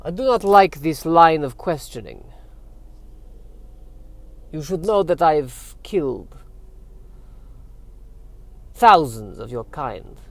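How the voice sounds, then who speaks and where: A man voicing a brooding male vampire barista in a put-on Eastern European-style accent, with slow, grave, menacing delivery. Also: fairly high pitch, dry recording. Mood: threatening. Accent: put-on vague Eastern European style.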